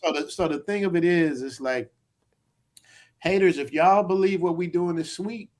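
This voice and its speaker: Man, high-ish voice, casual stream chat, animated, repeats himself, laughs often. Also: normal speed. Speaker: YouTuber guest.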